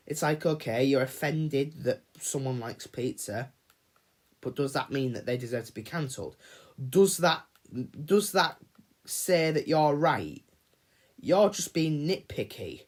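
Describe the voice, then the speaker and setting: A man's voice: mid-range voice, animated, moderate pace, a little mellow. A man hosting a casual livestream, ranting and swearing freely while he chats with viewers. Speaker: livestream host.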